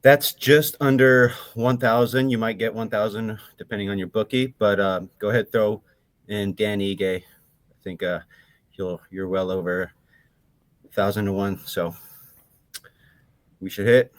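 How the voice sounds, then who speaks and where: A man's voice: lowish voice, steady tone, unhurried, pauses often, dry recording. A man calling in to a show, talking brashly with plenty of swearing, a bit out of breath. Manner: brash, profane, a bit winded. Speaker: caller. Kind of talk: casual chat.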